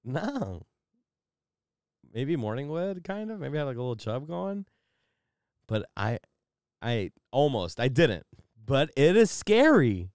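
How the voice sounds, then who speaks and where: A man's voice: medium pitch, slow pace, long pauses, no echo, studio quality. A man co-hosting a podcast, telling crude stories with lots of laughter in casual conversation. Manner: crude, laughs a lot, animated storytelling. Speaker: podcast co-host. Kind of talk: casual chat.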